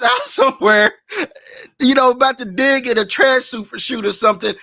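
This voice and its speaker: A man's voice: extremely high pitch, sing-song, brisk, creaky, pushed and bright, no echo. A man emceeing a live roast, teasing and laughing as he talks over a video call. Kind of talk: live show banter.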